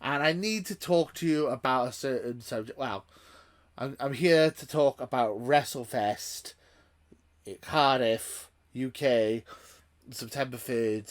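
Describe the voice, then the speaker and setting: A man's voice: medium pitch, a little slow, fairly bright tone. A man hosting a YouTube channel, ranting in a casual vlog with frequent restarts and swearing.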